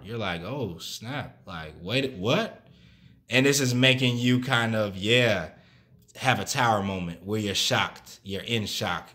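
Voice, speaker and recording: A man's voice: on the low side, a bit bright. Chatty young man reading tarot. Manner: chatty, loose, many fillers and asides. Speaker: tarot reader.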